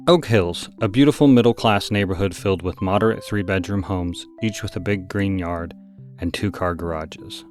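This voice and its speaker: Low-voiced male horror narrator. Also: normal speed, darkish tone, faint music behind. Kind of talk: scripted horror story narration.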